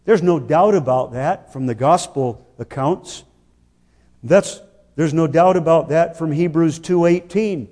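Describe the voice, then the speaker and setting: Man, sermon delivery, deliberate and emphatic, long hall reverb. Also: high voice, a little mellow. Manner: slow, emphatic, rhetorical questions. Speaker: preacher.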